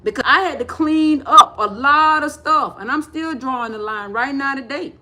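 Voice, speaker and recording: High-voiced animated woman on livestream. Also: moderate pace. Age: middle-aged. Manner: animated, repeats phrases, acts out quoted voices. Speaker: spiritual livestream host. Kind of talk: casual livestream talk.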